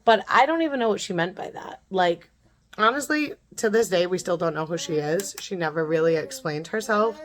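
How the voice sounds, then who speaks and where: Animated young woman telling a story. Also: fairly low pitch, moderate pace. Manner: animated, laughing, acts out quoted people. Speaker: vlogger. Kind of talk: storytime while doing makeup.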